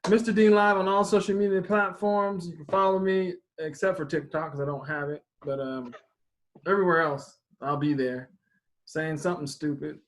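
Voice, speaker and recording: A man's voice: on the high side, fairly even intonation, normal speed, poor audio. A man co-hosting a podcast, speaking in a sarcastic, joking way. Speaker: podcast co-host. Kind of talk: casual podcast chat.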